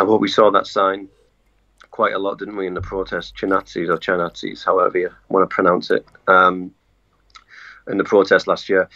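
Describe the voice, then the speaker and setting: Low gravelly man, halting speech. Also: a bit bright, lo-fi sound. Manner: halting, searching for words. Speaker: interview guest. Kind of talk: casual live-stream conversation.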